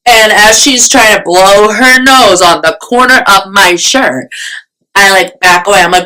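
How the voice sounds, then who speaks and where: A woman's voice: lowish voice, a little slow, sharp tone, rough recording. A young woman vlogger telling a storytime in casual, chatty talk, full of fillers and self-mocking asides.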